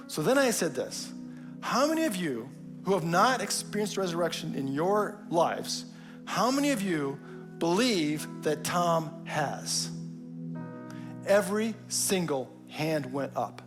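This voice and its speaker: A man in his forties giving a sermon, telling a personal story, often dropping to a soft low voice for emphasis. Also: animated, moderate pace, music in the background. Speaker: pastor.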